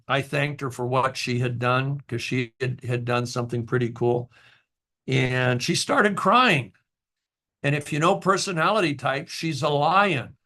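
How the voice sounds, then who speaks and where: A man's voice: medium pitch, pushed and bright. Earnest rambling man addressing his team. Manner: earnest, rambling, with fillers and restarts; emotional at times. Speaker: company founder addressing distributors. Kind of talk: casual motivational talk.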